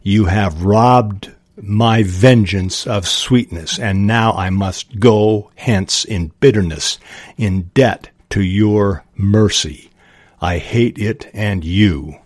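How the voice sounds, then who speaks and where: A man voicing a bitter, proud old male wizard in a slow, hushed, measured reading. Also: fairly low pitch, no echo, studio quality. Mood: bitter, cold.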